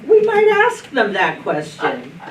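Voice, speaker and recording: Speaking slowly, with a medium-pitched voice whose pitch swoops wildly, a middle-aged woman pastor shares homespun anecdotes during a group Bible study, frequently starting over mid-thought. It's storytelling within a group discussion in a church meeting room, captured on a distant mic in a roomy space with faint noise.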